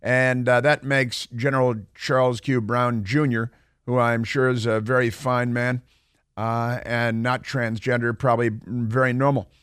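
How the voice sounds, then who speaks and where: A man's voice: medium pitch, level tone, unhurried, a bit bright, smooth, no room sound. Male talk radio host, loose and rambling, dry close mic. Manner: rambling, many fillers and restarts. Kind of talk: casual talk radio monologue. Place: radio studio.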